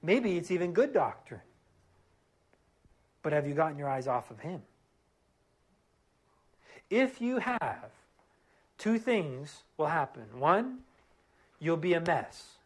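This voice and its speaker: A man's voice: a little high, big pitch swings, slow, long pauses, breathy edge. Earnest, emphatic male preacher. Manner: earnest, emphatic preaching that drops to soft prayer. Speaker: pastor. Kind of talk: sermon.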